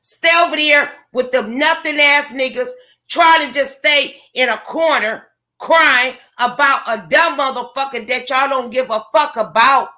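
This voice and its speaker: A woman's voice: high voice, a little slow, sharp tone. A woman vlogger, delivering a profane, confrontational rant to her viewers. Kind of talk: angry rant to camera.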